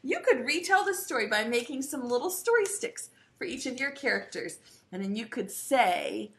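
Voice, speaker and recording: A woman's voice: on the high side, big pitch swings, normal speed. A woman teaching an online preschool lesson in a sing-song, encouraging way, stretching out key words for young children.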